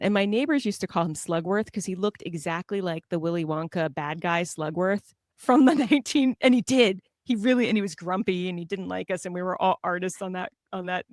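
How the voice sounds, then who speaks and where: A woman from Southern California, a guest on a podcast, telling lively self-deprecating stories and laughing often. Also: fairly low pitch, dry recording, studio quality. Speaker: guest author. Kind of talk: casual conversational storytelling.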